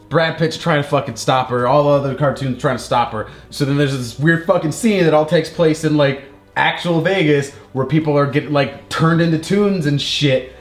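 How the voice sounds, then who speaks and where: A man's voice: mid-range voice, normal speed, soft background music. A man co-hosting a casual comedy podcast, retelling a movie plot in a rambling, profane way, full of filler words and silly put-on voices. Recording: echoey room.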